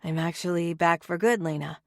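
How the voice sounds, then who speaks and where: A woman voicing a young woman's calm, fond best friend in a romance audiobook, with a soft, even-tempered manner. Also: on the low side, a little fast, no room sound, studio quality, natural voice. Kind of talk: audiobook character voice.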